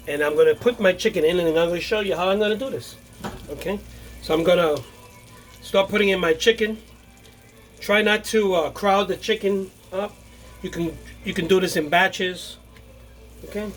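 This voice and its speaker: A man's voice: high-pitched, fairly bright tone. A man hosting a casual home cooking demonstration, talking the viewer through each step with many fillers and okays. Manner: chatty, repeats himself, many fillers and okays. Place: home kitchen with sizzling pan and running water. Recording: noisy kitchen with sizzling pan. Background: frying sizzle and running water.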